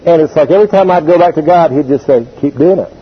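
A man preaches in a fairly high, husky voice, pressing hard on his key points. He calls out for the congregation to repeat words after him. The recording is dull and lo-fi. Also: fast talker. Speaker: pastor. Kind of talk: sermon.

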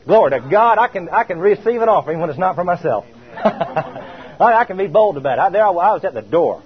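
A man's voice: high-pitched, lively intonation, brisk, muffled recording. A man preaching a sermon, emphatic and drawn out, firing rhetorical questions at his listeners.

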